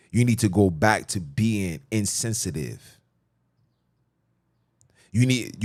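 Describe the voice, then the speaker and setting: A man's voice: lowish voice, darkish tone. A middle-aged man hosting a podcast, delivering an emphatic, repetitive, lecturing monologue. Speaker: podcast host. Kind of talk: preachy monologue.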